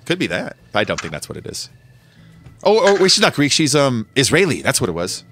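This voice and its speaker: Animated, bright-voiced man chatting on a stream. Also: medium pitch, a little fast, slight background noise. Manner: rambling, joking, swears freely, trails off and restarts. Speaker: streamer and host. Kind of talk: casual chat on a game stream.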